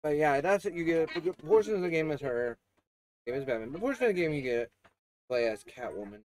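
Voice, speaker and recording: A man giving a casual, rambling game review with many fillers and restarts. He coughs and keeps clearing his throat. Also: fairly high pitch, expressive, a little fast, darkish tone.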